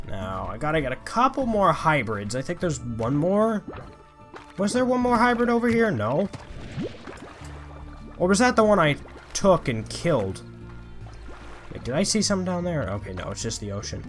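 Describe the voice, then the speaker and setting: Brief: young male gaming YouTuber, playful commentary, animated and slightly high delivery, faint music underneath. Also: moderate pace, pauses often. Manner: playful, chatty, talks to the game creatures, mild swearing. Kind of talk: casual let's-play commentary.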